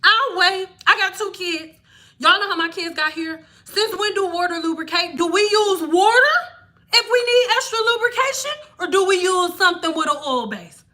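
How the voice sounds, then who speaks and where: A woman's voice: very high-pitched, lively intonation, normal speed, pushed and bright. A young woman hair stylist ranting on a live stream, blunt, sarcastic and profane. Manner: mocking impressions of viewers.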